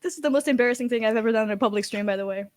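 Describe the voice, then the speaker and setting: A woman playing in a streamed tabletop game, animated and giggly as she describes her character's actions. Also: fairly high pitch, very fast, no room sound. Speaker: player.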